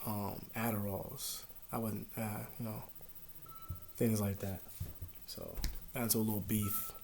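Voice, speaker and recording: A young man talking casually to the camera at home, rambling and swearing, his voice sinking to a mutter and then jumping up loud. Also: lowish voice, level tone, measured pace, gravelly, slight background noise. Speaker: vlogger. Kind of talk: casual confessional talk to camera.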